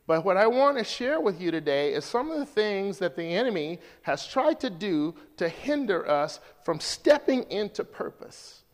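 A male pastor preaching a sermon to his congregation, swinging from hushed lines to loud, high calls. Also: long reverb tail.

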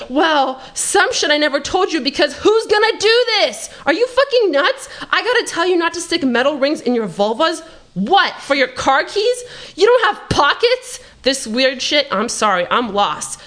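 Woman reader voicing an exasperated, foul-mouthed God for a play reading; sarcastic rant, fairly high pitch. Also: fairly bright tone, heavily acted. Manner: ranting, profane, sarcastic.

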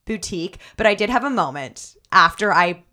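Woman guest, hoarse from losing her voice, chatty and reflective. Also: mid-range voice, lively intonation, moderate pace, pushed and bright. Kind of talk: casual podcast chat.

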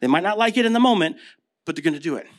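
A man's voice: high voice, lively intonation, rapid-fire. Conversational American man preaching. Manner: conversational storytelling with rhetorical questions. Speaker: pastor. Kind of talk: sermon.

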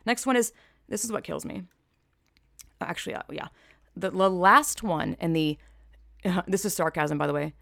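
Woman, low gravelly voice, blunt and sarcastic, swears freely, dry close sound. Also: normal speed, fairly bright tone, no echo. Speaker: commentator. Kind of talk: opinion vlog commentary.

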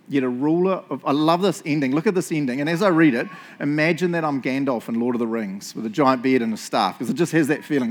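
A man's voice: mid-range voice, quick pace, few pauses. A man with a New Zealand accent preaching a sermon in a church, chatty and joking, often tagging lines with "eh?" and "right?". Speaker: pastor.

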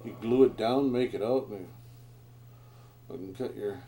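A man's voice: on the low side, a little slow, dark tone. Chatty, swearing man. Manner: chatty, profane, rambling. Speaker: board game player. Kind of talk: casual chat over a tabletop war game.

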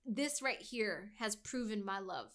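A woman's voice: mid-range voice, animated, a little slow, fairly bright tone. A woman in casual chat recapping a fantasy novel, slangy and profane, acting out lines from the characters. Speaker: book discussion co-host.

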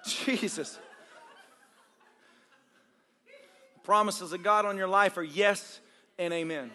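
A male pastor preaching a charismatic sermon at a live church service, shouting and joking with the congregation. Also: high voice, slow pace. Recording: live church recording with crowd and noise.

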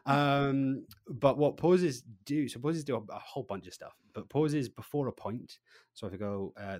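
A man giving an interview about his training work, lively, acting out little voices and swinging between loud and quiet. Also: medium pitch, moderate pace, no room sound, clean studio sound. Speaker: presentation trainer, guest. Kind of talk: animated podcast interview.

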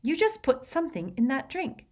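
A woman's voice: sits high, big pitch swings, moderate pace, darkish tone, voice pushed up. A woman voicing a clever, bossy schoolgirl witch who talks sharply and scolds. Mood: accusing.

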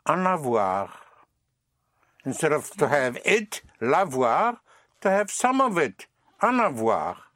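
Patient male teacher with lively pitch. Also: measured pace, dry recording. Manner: patient, prompting, repeats phrases. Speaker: language teacher. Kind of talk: guided language lesson.

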